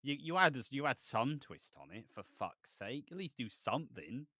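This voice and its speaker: A man's voice: mid-range voice, very animated, moderate pace, pushed and bright, no echo, clean studio sound. A man co-hosting a podcast, rambling and hesitant in casual chat about a soap, with sudden bursts of exasperation. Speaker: podcast co-host.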